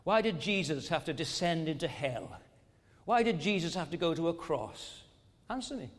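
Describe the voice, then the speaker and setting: A man's voice: a little high, lively intonation, normal speed, big-room sound. A man preaching a sermon with emphatic delivery, rising and falling and asking his listeners many rhetorical questions.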